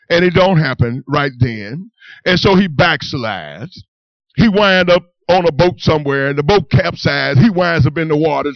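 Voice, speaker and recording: A man telling his personal testimony to a congregation, in animated storytelling that keeps asking whether they understand. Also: high voice, no echo, lo-fi sound. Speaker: church testimony speaker.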